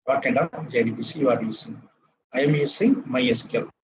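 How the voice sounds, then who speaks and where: A man's voice: mid-range voice, lively intonation, fairly quick, highs cut off, noisy background. A man with an Indian English accent teaching a live coding lecture. He repeats terms and checks in with "right?" after each step.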